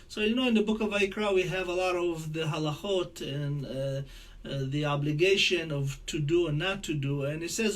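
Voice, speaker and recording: A man teaching a Torah lesson in English, chatty and explanatory, reciting verses quickly. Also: sits high, a bit bright. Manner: conversational teaching, mixing Hebrew quotes into English; rattles off Hebrew verses quickly. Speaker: rabbi teaching a class.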